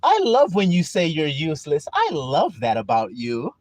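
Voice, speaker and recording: A man's voice: on the high side, huge pitch swings, normal speed, no echo, voice pushed down. A preacher voicing a doting wife who sweetly reassures her husband. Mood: adoring. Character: doting loving wife, adult woman.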